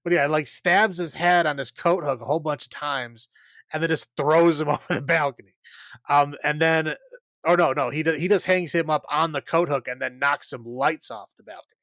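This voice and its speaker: A man's voice: on the high side, moderate pace, fairly bright tone, dry recording. Rambly podcast host man, dry sound. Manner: rambling, filler-heavy, laughs often. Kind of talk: casual chat recapping a film.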